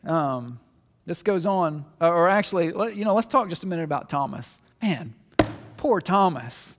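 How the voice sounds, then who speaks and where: A man preaching a sermon in a conversational way, shifting between loud emphatic asides and quiet reflection. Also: a little high. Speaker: pastor. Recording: long hall reverb.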